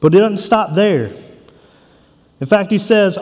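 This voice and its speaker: High-voiced preacher in a reverberant hall. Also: male voice, expressive, a little mellow. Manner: earnest, emphatic preaching with dramatic pauses. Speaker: pastor. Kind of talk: sermon.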